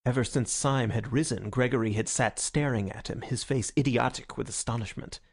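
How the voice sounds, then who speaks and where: A man narrating an audiobook in a measured storytelling manner. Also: medium pitch, vocal fry. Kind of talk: scripted narration.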